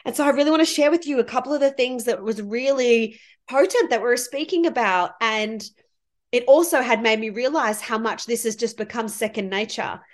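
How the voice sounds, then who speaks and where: A woman's voice: a little high, fairly quick. A woman hosting her own podcast as a money mindset coach. She speaks in a heartfelt, effusive, spiritual coaching manner. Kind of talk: solo podcast monologue.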